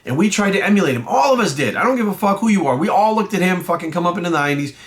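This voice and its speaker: A man's voice: high-pitched, expressive, racing. A man, a bodybuilding coach and vlogger, ranting bluntly to camera with lots of swearing and rising anger. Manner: angry, blunt, heavy swearing. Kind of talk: heated profane rant to camera.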